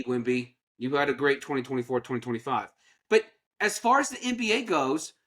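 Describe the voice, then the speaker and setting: A man with a notably high voice hosts a sports talk podcast. He rants with sarcasm and slips into mocking voices to make his point. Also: a bit bright. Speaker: podcast co-host. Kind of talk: opinionated sports podcast rant.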